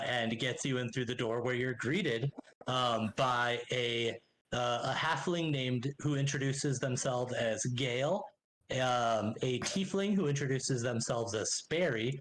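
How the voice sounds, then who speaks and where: A man narrating as game master in a casual tabletop game, halting and full of fillers. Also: medium pitch, a bit bright.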